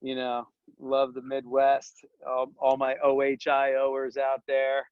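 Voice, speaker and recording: A man talks in a casual podcast chat at a middle pitch, energetic and full of jokes, wandering off into slang asides. The audio is dry with no room sound and slightly dull. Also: unhurried, no room sound. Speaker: podcast guest, dental business coach and author.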